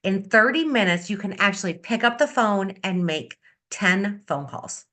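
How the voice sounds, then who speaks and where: A woman beauty consultant giving an upbeat, energetic sales-training talk on a video call, repeating her key advice. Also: mid-range voice, moderate pace. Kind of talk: coaching talk on a video meeting.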